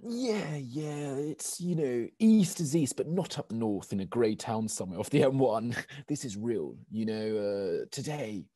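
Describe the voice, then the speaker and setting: An actor playing a flustered casting director who rambles with stammers and fillers. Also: male voice, medium pitch, lively intonation, warm tone, husky, no room sound. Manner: halting, stammering, filler-heavy.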